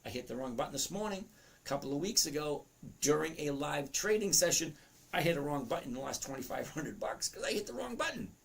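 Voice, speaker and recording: Gravelly middle-aged man teaching trading. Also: a little high, sing-song, a little fast. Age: 50s. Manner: chatty, reads comments aloud, self-interrupting. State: voice cracking. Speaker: trading educator. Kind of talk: live-stream trading lesson.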